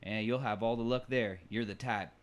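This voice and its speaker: A man's voice: lowish voice, fairly even intonation, normal speed, natural voice. A man reading aloud and voicing a friendly male bartender who chats with a customer in a chummy, encouraging way.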